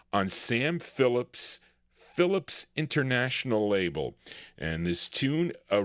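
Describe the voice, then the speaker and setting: A man's voice: mid-range voice, dry recording, clean studio sound. A man hosting a live oldies record show, talking casually between songs, rambling and correcting himself as he goes. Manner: rambling, self-correcting, chatty. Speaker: radio show host spinning records.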